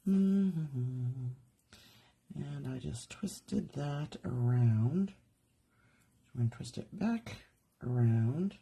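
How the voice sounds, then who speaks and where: Low, mellow-voiced woman demonstrating crafts. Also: slightly rough. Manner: chatty, thinking aloud while working. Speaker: jewelry artist demonstrating live. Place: home art studio.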